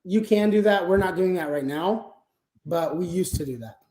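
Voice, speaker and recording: A man's voice: high voice, normal speed, darkish tone. Echoey-sounding man explaining sales process. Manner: conversational, filler-heavy, explains step by step. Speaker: guest, sales manager. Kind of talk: casual interview talk.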